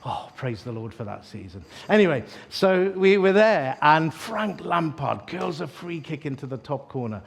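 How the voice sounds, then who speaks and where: Joking preacher telling stories. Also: male voice, a little high, normal speed, creaky, hardly any pauses. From East London. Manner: animated, joking storyteller with asides to the audience. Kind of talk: sermon.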